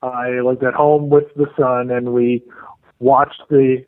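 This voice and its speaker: A man's voice: medium pitch, flat delivery, slow pace, clear, resonant tone, no echo. Wry man on a tinny phone line. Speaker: call-in guest. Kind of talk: casual chat.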